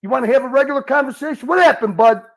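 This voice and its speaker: A man's voice: very high voice, very fast, rough recording. A man hosting a livestream, taunting and mocking a caller in a heated argument, calling him "bud" over and over. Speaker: livestream host. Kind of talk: heated live-stream argument.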